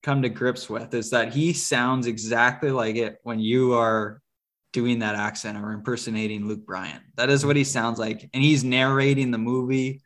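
This podcast co-host is a man with a steady, medium-pitched, slightly bright voice at normal speed. In loose, casual movie-review chat, he rambles with plenty of ums and restarts.

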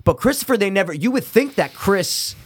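A man's voice: sits high, animated, a little fast, husky, no room sound, clean studio sound. A man co-hosting a podcast in casual chat, loose, rambling and profane. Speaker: podcast co-host.

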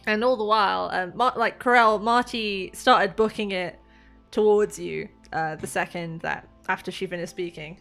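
A woman's voice: medium pitch, normal speed, gravelly, a bit bright, soft background music. A woman narrating as game master of a tabletop game in a casual way with many fillers.

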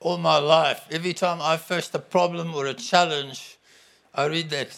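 High-voiced man preaching a sermon. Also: steady tone, moderate pace, vocal fry, a bit bright. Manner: conversational, declaring scripture with emphasis.

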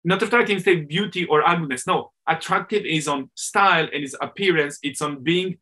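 A man's voice: a little high, fairly quick, sharp tone. A middle-aged man, a swim coach, talking candidly and animatedly in an interview, correcting himself as he speaks English as a second language.

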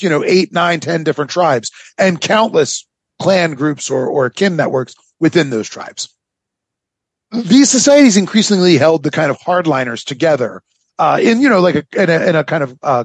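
A man hosts a history podcast, narrating in loose, casual chat. His voice sits high and swoops around with a slightly husky edge. He halts often, restarting phrases and padding them with fillers. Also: dry recording. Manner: halting, full of fillers and restarts. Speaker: podcast host telling a history story.

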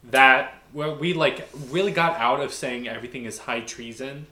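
A man's voice: mid-range voice, moderate pace, background noise. A man in casual chat, retelling scenes and acting out quotes with lots of "like"s. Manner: retells scenes with acted-out quotes, chatty with many "like"s. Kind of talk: casual chat about a musical. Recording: roomy echo.

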